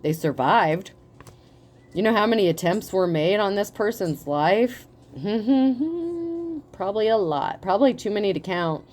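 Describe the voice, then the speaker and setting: A woman giving a casual tarot reading, talking in a profane, animated way and laughing often. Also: mid-range voice, normal speed. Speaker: tarot reader.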